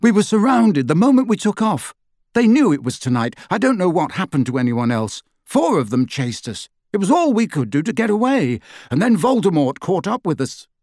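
A man's voice: high-pitched, very animated, moderate pace, darkish tone, dry recording, studio quality, pitched above the performer's own voice. Man doing a panting guilty teen wizard boy, raised voice. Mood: breathless. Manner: breathless, pleading.

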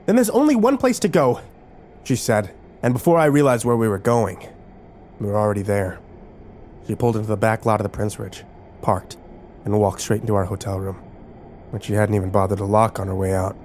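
A man narrating a first-person audiobook in a steady, measured way. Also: on the low side, slight background noise. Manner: steady, measured storytelling with lively intonation.

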